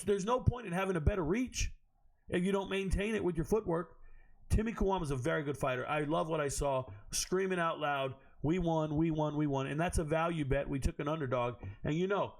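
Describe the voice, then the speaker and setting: A man hoarse from screaming, giving a blunt, profane and animated monologue recapping fights and bets as the show's host. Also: on the high side. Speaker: MMA betting analyst.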